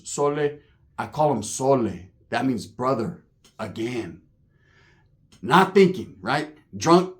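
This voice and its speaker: A man telling a profane, animated story in stand-up style, acting out the other people in it. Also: medium pitch. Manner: animated, profane, acts out voices. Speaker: stand-up comedian.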